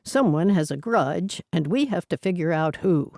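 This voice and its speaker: A woman voicing a gruff, stern male police detective. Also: fairly low pitch, animated, normal speed, darkish tone, dry recording, clean studio sound.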